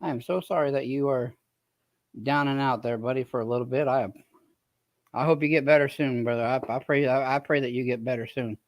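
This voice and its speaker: A man's voice: mid-range voice, fairly even intonation, a little fast. A man hosting a casual livestream chat, greeting viewers by name, tired and in pain. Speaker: livestream host.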